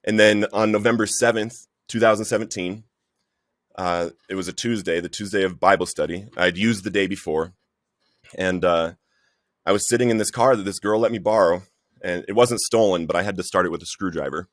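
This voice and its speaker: Low-voiced guy telling his recovery story, keeps saying bro, dry close mic. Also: a little fast, no room sound. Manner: earnest storytelling, says "bro" often. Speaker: podcast guest.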